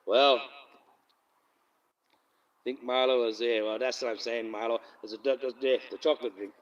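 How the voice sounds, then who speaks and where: A man's voice: medium pitch, fairly even intonation, normal speed, pauses often, far from the mic, lo-fi sound. A man hosting a casual live stream into his phone, rambling, swearing freely and laughing often. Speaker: livestream host. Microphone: phone camera.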